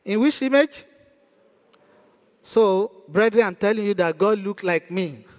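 A man's voice: sits high, unhurried, darkish tone, big-room sound. A man preaching a sermon as pastor, asking rhetorical questions and repeating praise to the congregation.

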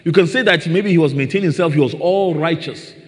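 A man's voice: on the high side, quick pace. A man preaching a sermon, often asking his listeners rhetorical questions. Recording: long reverb in a large hall.

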